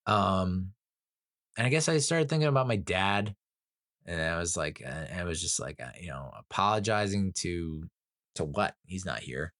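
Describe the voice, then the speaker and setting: A man's voice: low voice, expressive, moderate pace, fairly bright tone, no echo, studio quality. A man giving a casual, rambling movie review, emotional and swearing a lot, with frequent laughs.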